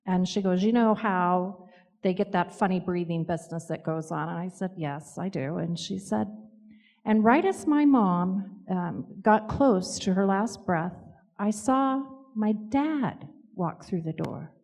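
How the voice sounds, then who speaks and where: A woman telling personal stories in a gentle, reflective way, with pauses. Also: lowish voice, expressive, in a large hall. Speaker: co-author and speaker. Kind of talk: storytelling talk.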